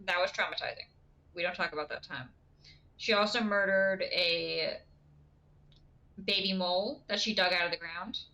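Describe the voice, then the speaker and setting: Streamer woman, bright and forceful tone, chatty and giggly, answering chat live. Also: lowish voice, normal speed, long pauses. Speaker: game streamer.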